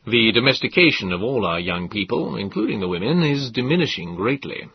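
A man voicing an earnest, persuasive middle-aged male government official in an audiobook, lecturing in a husky voice. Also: lowish voice, big pitch swings, brisk, slight background noise. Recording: dull lo-fi dry audiobook.

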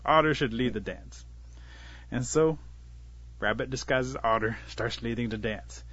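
On a lo-fi recording with no echo, a man with a medium-pitched, slightly bright voice tells a traditional folktale about animals. His telling is relaxed and folksy, and he gives the animals light voices.

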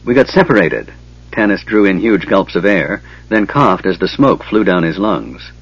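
A man narrating an audiobook in a steady, even reading. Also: deep voice, moderate pace, slightly rough. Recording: dull lo-fi, dry.

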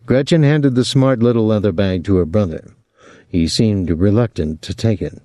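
A man narrating a novel as an audiobook, reading in a measured, expressive way. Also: on the low side, no echo, clean studio sound. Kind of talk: scripted narration.

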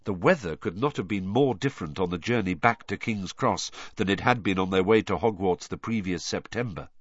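A man narrating an audiobook in an expressive, animated reading. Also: sits low, a little fast, husky, no room sound, lo-fi sound.

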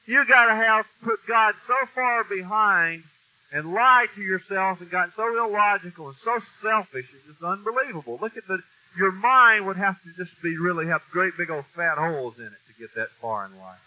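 A man delivers an informal sermon in a blunt, folksy style, with mild cursing and heavy emphasis, speaking into a mic in a meeting room. His high voice is bright and forceful at a moderate pace, and the lo-fi recording sounds dull.

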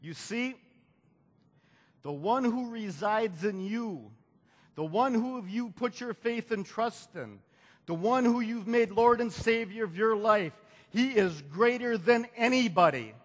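A male preacher with a high voice delivers a deliberate, unhurried sermon. He repeats key lines and swells into emphatic climaxes. His words ring out with a long reverb, as if in a big hall. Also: lively intonation. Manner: repeats phrases, builds to emphatic climaxes, calls for congregation response.

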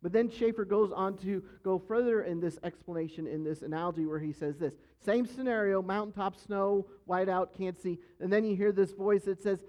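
A high-voiced pastor delivers an earnest, emphatic sermon, circling back to drive his points home. The recording sounds dull and lo-fi, with the top end rolled off. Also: moderate pace, few pauses, a little mellow. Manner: earnest, emphatic teaching with repetition.

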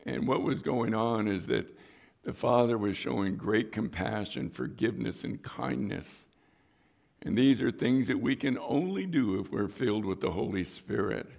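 A man's voice: medium pitch, gravelly. A middle-aged male pastor preaching a sermon, telling a personal story and acting out the voices in it. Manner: storytelling, acts out quoted voices.

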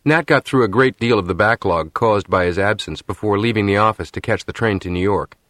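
A man narrating a novel as an audiobook in a steady, measured storytelling manner. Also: fairly low pitch, no room sound. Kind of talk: scripted narration.

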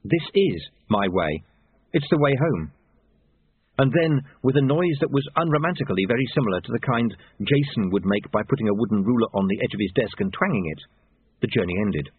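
A man narrating an audiobook with expressive storytelling. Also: medium pitch, quick pace, husky, dry recording. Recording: tinny phone-like band, dry.

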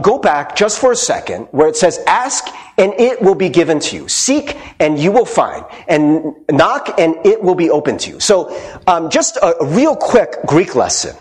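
A male pastor preaching a casual, conversational sermon, often checking in with the congregation and acting out quoted voices. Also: fairly high pitch. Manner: animated, conversational, frequent "right?" asides.

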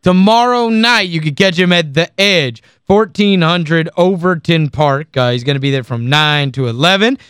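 Male host, high crisp voice, brief upbeat prompts, dry close sound. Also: normal speed, few pauses, fairly bright tone, no echo. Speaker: radio host. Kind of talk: upbeat interview questions.

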